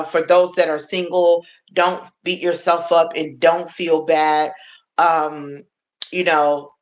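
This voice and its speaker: A woman in her forties chatting casually on a livestream, motherly and affectionate, laughing often and talking to viewers by name. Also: low voice. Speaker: livestream host.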